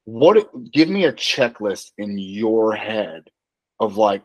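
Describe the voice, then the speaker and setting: A man hosting a podcast and coaching wrestlers, talking in lively casual chat with lots of "like" and laughter. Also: fairly low pitch, takes it slowly, poor audio. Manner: animated, laughing, filler-heavy.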